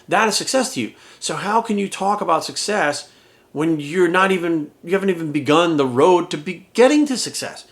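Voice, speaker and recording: A man's voice: fairly high pitch, expressive, moderate pace. A middle-aged fitness coach talking casually and bluntly to his camera, swearing often as he makes his point. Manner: blunt, profane, heated.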